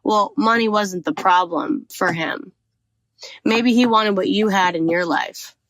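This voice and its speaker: Earnest woman thinking out loud. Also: medium pitch, unhurried. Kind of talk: reflective casual talk.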